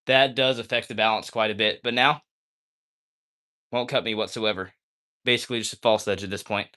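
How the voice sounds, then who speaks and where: A man hosting a casual livestream who talks while flipping a balisong. He gets excitable and keeps tagging sentences with "all right?". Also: on the low side, fairly quick. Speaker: livestream host.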